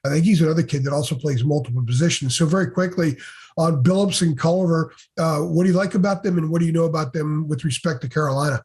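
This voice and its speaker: A man's voice: a little high, fairly even intonation, quick pace, darkish tone, husky. A man hosting a casual podcast discussion, leading the questions with a self-deprecating manner. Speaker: podcast host.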